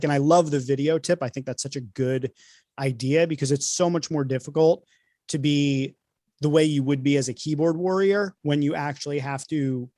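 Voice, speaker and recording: A man's voice: on the high side, a little mellow, no echo, studio quality. A man, an author, explaining his process fluently in a casual podcast conversation. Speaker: author, guest host.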